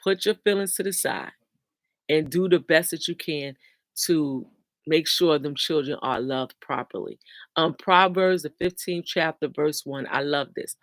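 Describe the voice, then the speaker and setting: Host, slow and emphatic, with a preachy casual talk style and scripture quotes; dry, close sound. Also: mid-range voice, a bit bright, dry recording. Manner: emphatic, repeats key lines, preachy. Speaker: host reading viewer comments.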